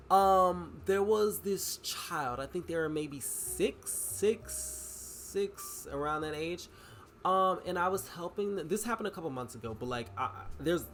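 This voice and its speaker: Rambling young man, higher voice. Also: slight background noise. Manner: rambling, many "like" fillers and restarts. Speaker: vlogger and writer. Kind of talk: casual vlog chat.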